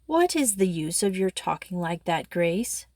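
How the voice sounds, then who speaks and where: Woman doing a stern older dad, low and firm, dry close sound. Voiced by a woman reading the story aloud, he brushes off his daughter's pleas with quiet authority. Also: sing-song, measured pace, no echo. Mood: dismissive. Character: stern cautious father, older lighthouse keeper.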